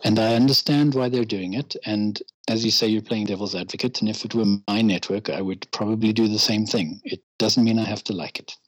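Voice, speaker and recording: A man talks as a podcast guest, chatty and self-deprecating, ready to rant. His voice sits low with a husky edge. The recording is dry and close, with no room sound. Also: steady tone, brisk, hardly any pauses, no echo, poor audio. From England. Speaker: interview guest. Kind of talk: casual podcast interview.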